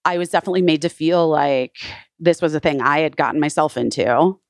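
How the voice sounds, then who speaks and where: A woman's voice: sits low, fairly even intonation, fairly quick, no room sound, clean studio sound. A woman being interviewed, telling a personal story casually with many "like" fillers and quoted dialogue. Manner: frequent "like" fillers, retells others' words. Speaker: guest.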